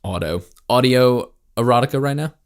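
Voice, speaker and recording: A man co-hosting a book podcast in casual chat, mostly laid-back but prone to loud, squeaky outbursts. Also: animated, normal speed, clear, resonant tone. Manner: laid-back, with sudden high-pitched outbursts. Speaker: podcast co-host.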